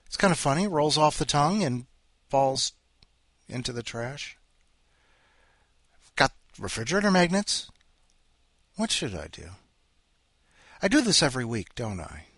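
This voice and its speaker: Husky, bright-voiced man hosting a podcast. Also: medium pitch, sing-song, a little slow, long pauses, no room sound. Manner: self-mocking, joking. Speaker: podcast host. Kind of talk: casual rambling chat.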